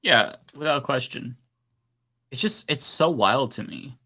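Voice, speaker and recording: Bright, animated man ranting profanely. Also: medium pitch, a little slow. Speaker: podcast co-host. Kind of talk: casual political chat.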